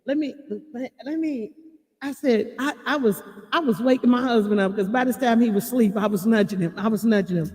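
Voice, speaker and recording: A woman hosting a casual live-stream, talking back to her chat in a chatty, emotional way and often bursting into loud laughter. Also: on the high side, fast, few pauses, in a large hall. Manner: chatty, many fillers like "you know what I'm saying". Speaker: channel host reading live chat.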